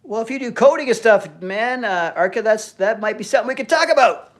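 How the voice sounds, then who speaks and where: Profane, fired-up man ranting live. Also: fairly quick. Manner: profane, animated, swings between loud and low-key. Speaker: fitness YouTuber on a livestream. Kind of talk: ranting motivational live chat.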